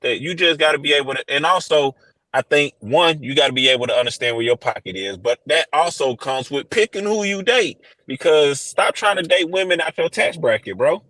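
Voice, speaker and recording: A man's voice: fairly high pitch, animated, brisk, sharp tone, no echo, low-quality recording. A man co-hosting a casual podcast chat, telling stories in a laid-back, slangy way with frequent laughs. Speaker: podcast co-host.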